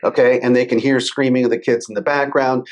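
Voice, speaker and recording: Man explaining in a measured way. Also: mid-range voice, fairly even intonation, lo-fi sound. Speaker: guest, cybersecurity lawyer. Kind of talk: casual interview conversation.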